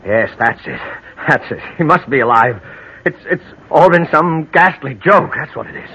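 An actor playing a guilt-ridden murderer husband, jittery and swinging from bluster to panic, in 1940s radio acting style. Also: male voice, fairly high pitch, expressive, moderate pace, sharp tone. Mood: nervous. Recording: dull old radio broadcast, faint hiss.

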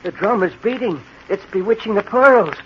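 A broken, terrified castaway. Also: male voice, sits high, animated, normal speed. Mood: hysterical. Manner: fearful, broken, rising to hysteria. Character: despairing castaway man going half mad. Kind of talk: 1940s radio acting. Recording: lo-fi old radio broadcast with faint hiss.

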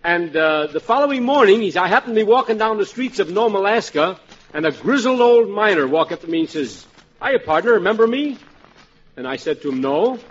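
A man pitching comedy ideas at a writers' panel, stammering and restarting as he tells jokes with dialogue. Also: sing-song, fairly quick, slightly rough. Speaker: gag writer. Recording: dull lo-fi old recording.

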